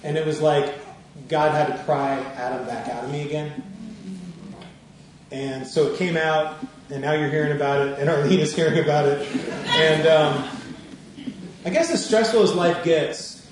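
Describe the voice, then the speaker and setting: A man's voice: a little high, distant mic, slight background noise. Man preaching in an echoey room. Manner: conversational, laughing storyteller. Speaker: minister. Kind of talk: sermon with personal story.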